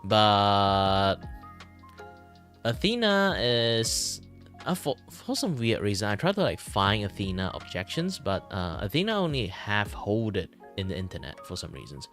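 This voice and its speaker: Malaysian guy streaming from his room, lowish voice, rambles and laughs a lot, soft music behind. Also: huge pitch swings, normal speed. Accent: Malaysian English. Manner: rambling, chuckles often, leans on filler "like". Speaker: vtuber streamer. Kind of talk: casual chat while drawing on stream. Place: his own room at home.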